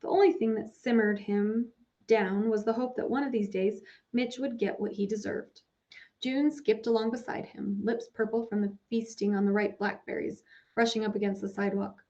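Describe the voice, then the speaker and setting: A woman narrates a story in a measured, storytelling manner. Her voice is mid-pitched. The recording is a little dull and lo-fi. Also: fairly even intonation, mellow. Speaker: audiobook narrator. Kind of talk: scripted narration.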